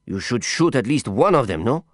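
A man voicing a calm, commanding Frenchman who talks in a clipped, quietly insistent way. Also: medium pitch, moderate pace, no room sound, clean studio sound. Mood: cool, insistent. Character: cool, dangerous Frenchman with a calm, commanding manner.

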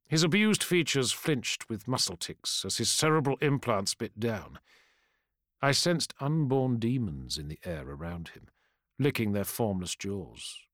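A man narrating a first-person fantasy audiobook in a measured, grave storytelling voice. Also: medium pitch, sing-song, fairly bright tone, dry recording, clean studio sound.

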